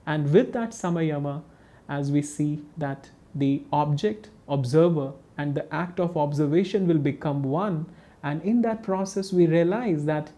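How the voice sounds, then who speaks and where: A man speaks gently in a spiritual webinar talk. His voice is mellow and warm, and he pauses often with soft fillers. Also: a little high. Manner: gentle storytelling with hesitations. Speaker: spiritual teacher.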